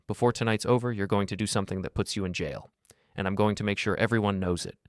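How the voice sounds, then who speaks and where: Man reading a taunting young ex-con, low voice, dry sound, storybook. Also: steady tone, fast talker, dry recording, close to an everyday voice. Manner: taunting, menacing. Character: bitter ex-con son-in-law, young man, vengeful. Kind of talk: storybook narration.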